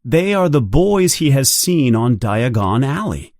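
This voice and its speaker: A slow, deliberate storybook narrator whose pitch swoops widely from line to line. The reading is expressive and jumps up for the characters' lines. The sound is dry and close, with no room echo. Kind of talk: read-along storybook narration.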